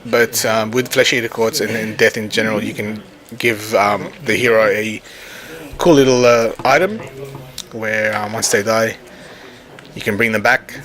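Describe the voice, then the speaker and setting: A man records a battle report while playing a tabletop wargame, explaining it casually and often halting and restarting his phrases. His voice is lowish, a bit bright, steady in tone and moderately paced, with crowd chatter in the background.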